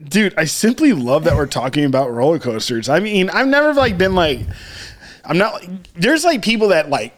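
A man's voice: a little high, sing-song, moderate pace. A young man chatting casually on a podcast, laughing a lot and rambling in loose asides. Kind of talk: casual profane chat.

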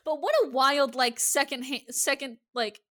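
A woman's voice: sits high, steady tone, normal speed, sharp tone. A woman with a Midwestern accent, co-hosting a podcast in a giggly, teasing casual chat. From Iowa. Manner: giggly and teasing, laughs often. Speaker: podcast co-host.

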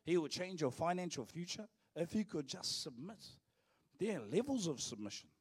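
A man from New preaches a live sermon in church. His voice sits a little higher than most men's. He leans hard on the key words, then eases into playful asides aimed at the congregation. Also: big pitch swings, moderate pace, husky. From New Zealand. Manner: emphatic preaching, turns to joking asides with the congregation. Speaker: pastor.

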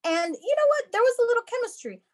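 A woman's voice: very high-pitched, very animated, quick pace. A woman co-hosting a podcast in casual chat, blunt and emphatic, swearing freely. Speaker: podcast co-host.

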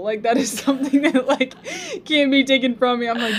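Expressive young woman hosting a chat. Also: mid-range voice, quick pace, a little hiss or hum. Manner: expressive, reacts with laughs and exclamations. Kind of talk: casual faith chat.

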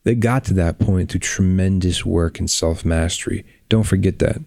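A man hosting a reflective podcast, talking bluntly and earnestly with drawn-out pauses, on a close microphone. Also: deep voice, gravelly, a little mellow, no room sound. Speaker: podcast host.

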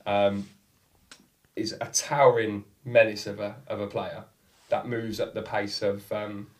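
A man on a football podcast, swearing freely and telling a lively story in casual chat. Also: fairly low pitch, measured pace, distant mic. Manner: swears a lot, animated anecdotes. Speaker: podcast co-host.

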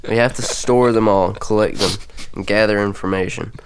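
A man's voice: fairly even intonation, moderate pace, noisy background. A young man co-hosting a podcast in casual chat, teasing and wry. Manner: wry, teasing, prone to high squealing laughs. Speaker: podcast co-host.

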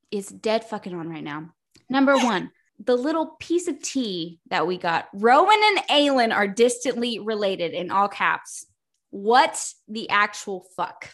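A woman's voice: mid-range voice, a bit bright. A young adult woman co-hosting a casual book podcast, ranting and swearing as she recaps and reads quotes dramatically. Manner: profane, ranting, dramatic read-aloud of quotes. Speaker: podcast co-host.

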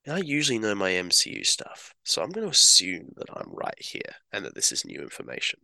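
Lively man recapping, crisp dry voice. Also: lowish voice, dry recording. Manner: enthusiastic, rambling, acts out quoted lines. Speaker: show reviewer. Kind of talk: casual recap chat.

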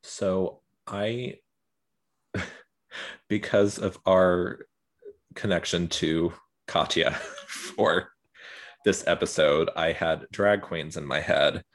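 A man co-hosting a casual podcast over a video call, laughing often and speaking in quick bursts. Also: deep voice, steady tone. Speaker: podcast co-host. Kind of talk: casual chat.

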